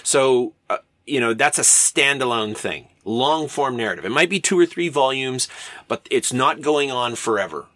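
Male lecturer, casual and digressive, bright tone. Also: medium pitch, expressive, normal speed, no echo. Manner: chatty, digressive, with frequent fillers and asides.

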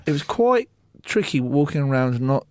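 A man's voice: mid-range voice, big pitch swings, normal speed, darkish tone, clean tone, no room sound, clean studio sound. Rambling self-mocking man. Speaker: podcast co-host. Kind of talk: casual podcast chat.

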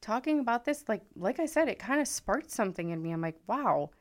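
A woman's voice: a little high, big pitch swings, quick pace. A woman co-hosting a casual podcast chat, supportive and emphatic, often stressing her points. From Connecticut, United States. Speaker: podcast co-host.

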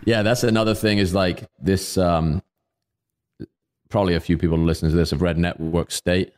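With a low, smooth, slightly mellow voice, a man talks at normal speed and a steady tone while co-hosting a podcast. He keeps things laid-back, rambling casually with lots of fillers.

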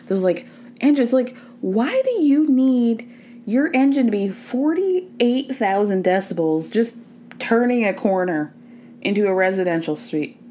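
A woman's voice: fairly low pitch, a little mellow, slight background noise. A woman hosting a podcast, giving a casual, profane recap of reality TV and acting out what the cast said. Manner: chatty, profane, acts out quotes in changing voices. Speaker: podcast host. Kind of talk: casual pop culture recap.

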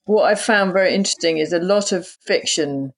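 A man's voice: sits high, a little fast. Male literary interviewer, searching and hesitant. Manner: hesitant, searching for words, many restarts. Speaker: podcast interviewer.

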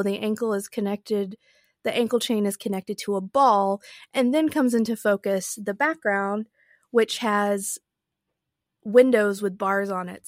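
A woman's voice: medium pitch, dry recording, studio quality. A woman hosting a podcast, chatting about a book with wondering, amused asides and reading it aloud. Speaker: podcast host and reader. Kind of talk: casual musing and reading aloud.

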